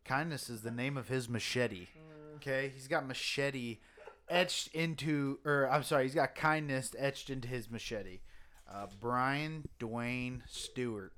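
A man's voice: medium pitch, normal speed, a bit bright. A man co-hosting a podcast, loosely retelling strange news stories with fillers and swearing. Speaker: podcast co-host. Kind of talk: casual chat, reading news stories aloud.

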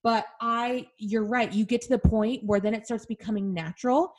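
A woman's voice: fairly high pitch, steady tone, normal speed. A woman hosting a conversation, openly reflecting on her own experiences in a candid, storytelling way. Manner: open, self-reflective storytelling.

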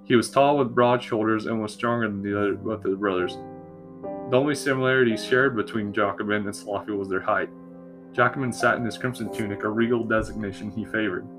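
A man reading a fantasy story aloud in a slow, measured storybook narration. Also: on the low side, steady tone. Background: soft guitar music.

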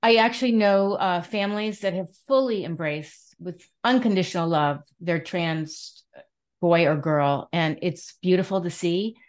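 A woman hosting an interview, telling stories in an animated, supportive way. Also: on the low side, a little slow. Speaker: host. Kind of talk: conversational interview.

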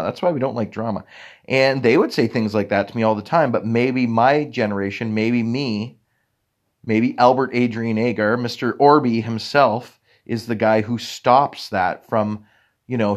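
A man in his thirties hosting a podcast, telling a long rambling story about himself in a casual, self-deprecating way. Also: medium pitch. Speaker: podcast host. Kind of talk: casual monologue.

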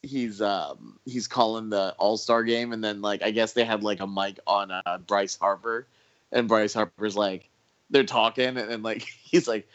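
Laid-back male podcast co-host, fairly low voice, slightly muffled lo-fi sound. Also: fairly even intonation, measured pace, a bit bright. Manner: laid-back, chuckling, interjecting. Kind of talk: casual sports chat.

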